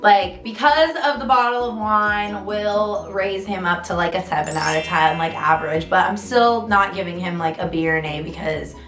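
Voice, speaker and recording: A young woman vlogs casually in a mid-range, fairly bright voice at normal speed with few pauses. She's chatty, uses lots of fillers, and her storytelling swings dramatically up and down. The sound is roomy, with faint music behind her.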